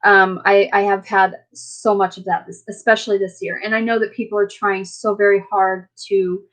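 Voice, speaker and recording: A woman's voice: medium pitch, flat delivery, moderate pace. A woman hosting a casual live chat and talking to her viewers in a rambling, friendly way, with lots of fillers. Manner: rambling, chatty, many fillers; warm, friendly toward viewers. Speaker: live stream host.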